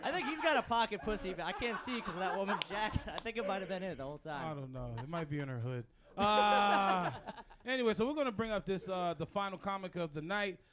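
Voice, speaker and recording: A man's voice: high-pitched, lively intonation, fast, crowd noise. A man hosting a live comedy show, bantering upbeat between acts and introducing comics. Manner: upbeat, bantering host patter. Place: comedy club stage with audience.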